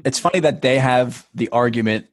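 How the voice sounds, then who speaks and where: A man's voice: medium pitch, fairly quick, no echo, clean studio sound. A man co-hosting a podcast, casually recapping a show, swearing freely. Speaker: podcast co-host.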